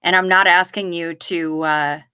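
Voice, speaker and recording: A woman's voice: fairly low pitch, fairly even intonation, unhurried, bright, forceful tone, smooth. A woman hosting a livestream, answering chat questions in casual, profane, sarcastic talk.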